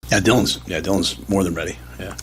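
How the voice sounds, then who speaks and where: Fast-talking low-voiced football coach. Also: male voice, fairly even intonation, fairly bright tone, a little hiss or hum. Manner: rambling, restarts phrases, lots of "you know". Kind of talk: press conference answers.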